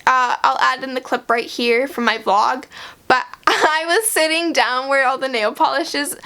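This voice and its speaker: A woman's voice: high voice, measured pace, sharp tone. A young woman vlogger chattily retelling a story, filling her sentences with "like" and laughing now and then. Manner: chatty, heavy use of "like". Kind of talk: storytime vlog.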